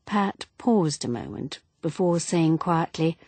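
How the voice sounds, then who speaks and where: Husky woman reading a mystery novel. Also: sits low, expressive, slow, a little mellow, no echo. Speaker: audiobook narrator. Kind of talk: scripted narration of a mystery novel.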